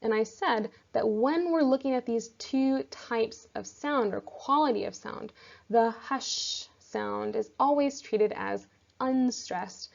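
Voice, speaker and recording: A woman teacher explaining a lesson step by step in a patient, measured way. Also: on the high side, vocal fry, a little mellow. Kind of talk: recorded classroom lesson. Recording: dull lo-fi recording.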